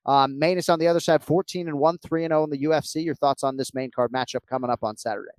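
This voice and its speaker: A man's voice: a little high, fairly even intonation, fast talker, darkish tone, no echo. A man hosting a sports podcast, joking around and swearing casually while he runs the segments. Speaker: podcast host.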